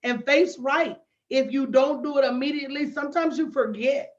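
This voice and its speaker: A woman business coach hosting a livestream, brash and animated, talking straight to her viewers. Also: high-pitched, normal speed, dull audio. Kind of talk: livestream promo chat.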